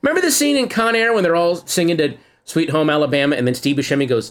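A middle-aged man, co-hosting a podcast in casual chat, telling animated stories and teasing his partner. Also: a little high, fast, hardly any pauses. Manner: animated storyteller, teasing, jumps into quoted voices. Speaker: podcast co-host.

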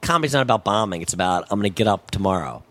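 A man guesting on a casual chat show, telling animated stories and acting out voices. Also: fairly low pitch, racing, no echo. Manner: animated storyteller, acts out voices. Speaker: comedian guest.

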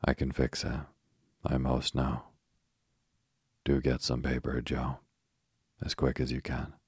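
A man voicing a resourceful young girl who looks after her brothers, earnest and gently bossy. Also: rumbling low, completely flat delivery, slow pace, slightly rough, no room sound, studio quality, full character voice. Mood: flustered. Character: young girl, eldest sister, caring and resourceful.

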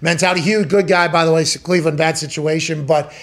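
A man's voice: on the high side, fairly even intonation, fast, fairly bright tone. A man in his thirties hosting a casual sports talk show, rambling and joking with plenty of swearing. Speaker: host.

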